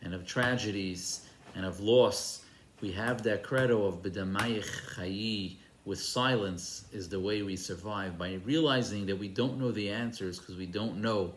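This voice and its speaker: A man's voice: lowish voice, unhurried, noisy background. A man, a rabbi, giving an earnest, emphatic sermon with storytelling. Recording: roomy echo.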